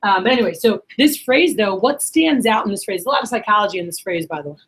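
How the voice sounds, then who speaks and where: Young woman running a sales training, talks fast and casual, lots of "like" and "right?", plays the customer now and then. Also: mid-range voice, poor audio. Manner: chatty and energetic, quizzes the room, acts out customers. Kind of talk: workshop teaching talk. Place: meeting room, in front of a group.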